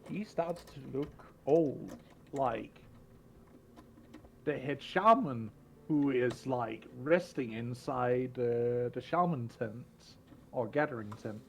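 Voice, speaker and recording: Slow gravelly man narrating a tabletop game. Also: medium pitch, a little mellow, slight background noise. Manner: slow, descriptive narration with fillers. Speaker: game master.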